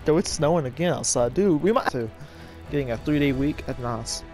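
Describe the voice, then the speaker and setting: Young male gamer, casual rambling commentary, quick to heckle, faint game music under him. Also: on the high side. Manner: excitable, trash-talking, rambling. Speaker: gaming YouTuber.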